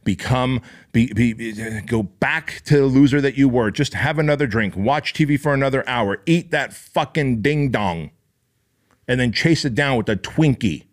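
A man's voice: medium pitch, moderate pace, natural voice. A man doing a wheedling inner critic. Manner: wheedling, coaxing. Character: man's whiny inner critic, coaxing him to quit.

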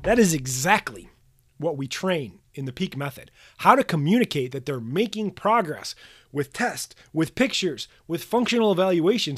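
A man with a slightly high voice delivers a solo podcast monologue. He is blunt and punchy, swears without a second thought and hammers points home by repeating them. He speaks like a coach pushing practitioners to do better. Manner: emphatic, drills points with repetition. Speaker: podcast host coaching manual therapy practitioners.

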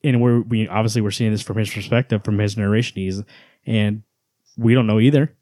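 Man, fairly low voice, casual podcast chat, animated, swears, dry close mic. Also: a little fast, dry recording. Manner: animated, swearing, acts out quotes. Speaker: podcast co-host. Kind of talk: casual comic book chat.

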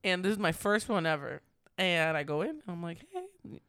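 A woman's voice: lowish voice, fairly quick, fairly bright tone, clear, resonant tone, no room sound, clean studio sound. A young woman telling work stories in a casual chat, packed with "like" fillers. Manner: chatty, storytelling, heavy "like" filler.

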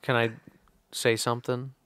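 A man's voice: medium pitch, flat delivery, moderate pace, fairly bright tone, smooth, no room sound, clean studio sound. A man, a composer, chatting on a podcast in a laid-back, teasing way with short interjections. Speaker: composer and filmmaker. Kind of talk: casual podcast chat. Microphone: studio podcast microphone.

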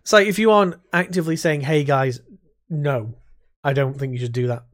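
A man's voice: on the high side, fairly quick, a bit bright. A man co-hosting a podcast, telling blunt, sweary anecdotes in casual chat. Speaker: podcast co-host.

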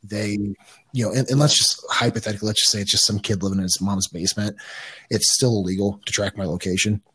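A man's voice: on the low side, steady tone, fast talker, fairly bright tone, slightly rough. A man guest on a podcast, telling a story casually in a rambling way, with restarts and swearing.

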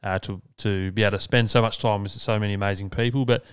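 A man's voice: on the low side, fairly even intonation, fast, clean tone, no room sound, clean studio sound. An Australian man hosting a solo podcast, talking casually and earnestly, swearing freely. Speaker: podcast host.

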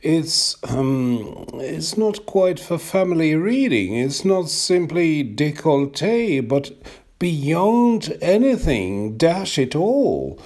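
A man's voice: on the high side, big pitch swings, slow pace, darkish tone, voice pushed up, full character voice. A man reading a story aloud, voicing a middle-aged family doctor who hesitates and mutters in embarrassment. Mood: flustered.

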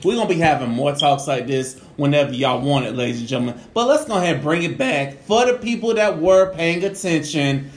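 Loud profane man hosting a podcast. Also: fairly high pitch, animated, fairly quick, few pauses. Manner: loud, laughing, profane banter. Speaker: podcast host. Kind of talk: casual podcast chat. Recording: echoey room.

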